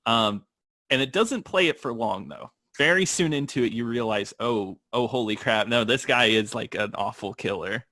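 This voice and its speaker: A man co-hosting a film podcast in casual chat, laughing often and talking in an animated way. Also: mid-range voice, moderate pace, no echo, clean studio sound. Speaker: podcast co-host.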